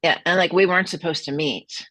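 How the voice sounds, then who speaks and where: A woman's voice: on the low side, fairly quick, fairly bright tone, no echo. A woman hosting a casual chat, affirming her guest and speaking about spirit and guides.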